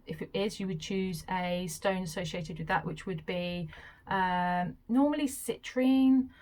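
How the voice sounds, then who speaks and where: Enthusiastic woman vlogging. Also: medium pitch. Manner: enthusiastic and chatty, with gushing asides. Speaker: crystal and crafts vlogger. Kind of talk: casual explainer talk.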